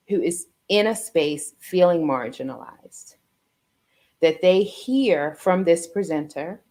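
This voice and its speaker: A woman hosting an interview over a video call, earnest and rambling, often tagging her points with "right?". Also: on the low side. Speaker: host.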